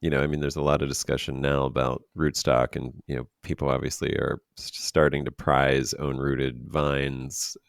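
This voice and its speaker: A man hosting an interview, asking halting, searching questions. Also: rumbling low, flat delivery, vocal fry, dry recording, clean studio sound. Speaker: podcast host. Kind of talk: casual interview.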